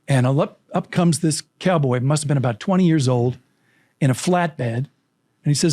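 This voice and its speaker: A man's voice: on the high side, moderate pace, darkish tone, dry recording, clean studio sound. A man in his sixties, a storytelling coach, telling a childhood anecdote as an interview guest, vividly acting out the people in it.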